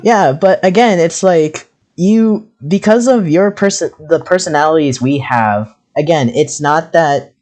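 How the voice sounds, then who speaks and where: A young man hosting a casual podcast chat, easygoing and quick to laugh, with soft restarts. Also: fairly high pitch. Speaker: podcast host.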